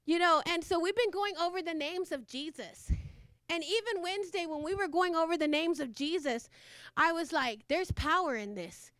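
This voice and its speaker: A woman's voice: very high voice, normal speed, a bit bright, no room sound, clean studio sound. A woman preaching a fervent sermon, repeating phrases and laughing between lines.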